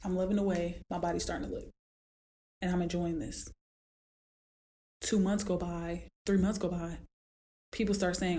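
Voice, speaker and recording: A woman hosting a solo podcast as a fitness trainer, talking casually and acting out her clients in high squeaky voices as she tells stories. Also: normal speed, pauses often, a little hiss or hum. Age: adult with a daughter. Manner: animated storytelling, acts out clients in high voices.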